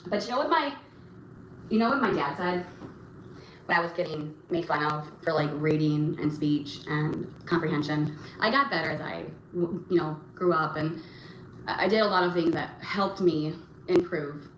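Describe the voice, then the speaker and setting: A young woman hosting a casual livestream and answering chat, talking in a rambling, halting way with many fillers and restarts. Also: low-pitched. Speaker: livestream host reading chat. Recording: roomy echo, faint background noise.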